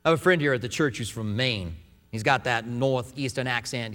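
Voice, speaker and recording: A man's voice: medium pitch, brisk, a bit bright, in a large hall. A man preaching a sermon in a church, earnest and conversational, often restarting his phrases. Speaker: pastor. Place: church sanctuary.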